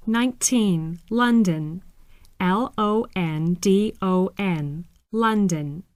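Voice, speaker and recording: A woman reading scripted exam audio, spelling each word slowly and carefully, letter by letter. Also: medium pitch, dry recording.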